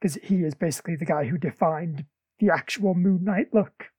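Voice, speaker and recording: A man hosts a casual podcast, trading playful jokes and quick asides. His voice is husky, and the sound is close and dry. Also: on the high side, darkish tone, no echo. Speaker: podcast host.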